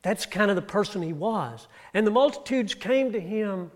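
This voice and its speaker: Guy preaching, kinda higher voice, tells the bible stories with lots of ups and downs. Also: expressive, moderate pace. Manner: storytelling, rises and drops in pitch and loudness. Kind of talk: sermon. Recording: audio-only church recording.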